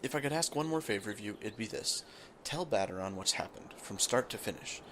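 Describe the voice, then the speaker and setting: A man's voice: fairly low pitch, expressive, a little fast, pushed and bright, a little hiss or hum. A man voicing a kindly, grateful older male farmer, reading game dialogue aloud. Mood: gentle.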